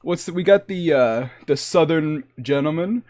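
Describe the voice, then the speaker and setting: A man's voice: on the high side, moderate pace, darkish tone. A man from the Boston area chatting casually and jokingly on a livestream into a desk microphone. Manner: rambling and joking. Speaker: streamer.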